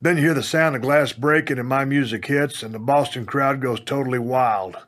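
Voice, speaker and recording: A man from Texas reads his own memoir aloud in a gruff, plainspoken manner, with the odd curse word mixed in. His voice sits in an ordinary middle range, and he tells the story straight, as in an audiobook. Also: mid-range voice, normal speed. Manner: punches up quoted lines with loud bursts. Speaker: memoir narrator.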